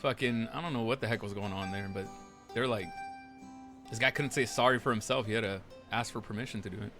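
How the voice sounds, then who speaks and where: A man's voice: fairly low pitch, quick pace, over music. A man telling a story in character during a roleplay game. He rambles, swears freely and acts out what others said. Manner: rambling, profane, acts out quotes. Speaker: roleplay player recounting events.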